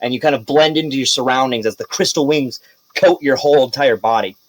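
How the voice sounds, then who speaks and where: A man narrating a tabletop game as game master, in a relaxed, rambling way with fillers and quick bursts. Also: medium pitch, poor audio.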